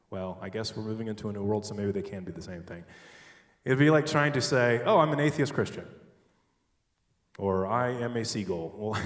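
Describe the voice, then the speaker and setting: A man giving a sermon-style talk on logic, animated and joking, with sudden loud stresses. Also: medium pitch, distant mic. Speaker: speaker at a church. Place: large church hall. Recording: echoey hall, picked up from afar.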